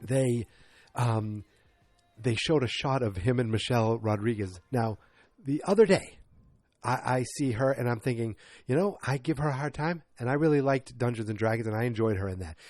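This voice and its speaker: A man's voice: medium pitch, normal speed, a little mellow, no room sound, soft background music. A man hosting a podcast, rambling through a loose, jokey, self-mocking movie review. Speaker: podcast host. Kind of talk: casual movie review monologue.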